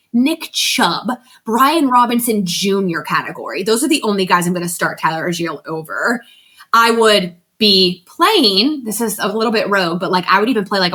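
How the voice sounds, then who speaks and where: A woman co-hosting a fantasy football podcast in casual chat, animated and blunt, swearing casually as she rants. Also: medium pitch.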